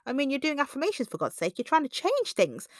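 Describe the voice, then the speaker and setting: A woman's voice: huge pitch swings, fast talker, dry recording, studio quality. A woman hosting a self-help podcast, talking conversationally and acting out quoted voices. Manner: conversational, acts out quoted voices with big pitch jumps. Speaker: podcast host.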